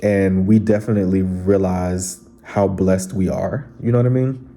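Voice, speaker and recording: A man's voice: low-pitched, steady tone, moderate pace, mellow, a little hiss or hum. A man, chatting casually and earnestly as he reads out viewer comments on his vlog. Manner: earnest and heartfelt, addressing viewers directly. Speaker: vlogger reading viewer comments. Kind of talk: casual chat.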